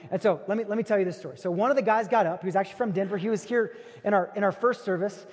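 High-voiced preacher in a reverberant hall. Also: male voice, rapid-fire. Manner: conversational, animated retelling. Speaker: pastor. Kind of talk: sermon with storytelling. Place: large church auditorium.

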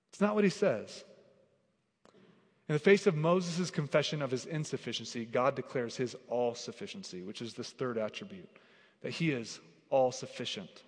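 A man's voice: medium pitch, animated, normal speed. Earnest preacher man in a reverberant hall. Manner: earnest and conversational, often says "like"; builds to emphatic, repeated declarations. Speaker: pastor. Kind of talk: sermon.

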